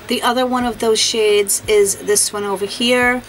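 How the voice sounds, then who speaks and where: A woman's voice: mid-range voice, steady tone, normal speed, few pauses, a little hiss or hum, low-quality recording. A woman making a casual makeup vlog to camera, chatty, apologetic and hard on herself. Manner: chatty, self-deprecating and apologetic. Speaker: beauty vlogger.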